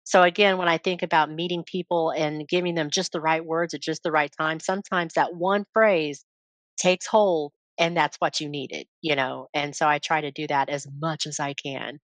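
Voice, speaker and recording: A woman's voice: low voice, steady tone, normal speed, dry recording. A woman speaking as a podcast guest, telling her story openly and reflectively. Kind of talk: candid personal interview talk.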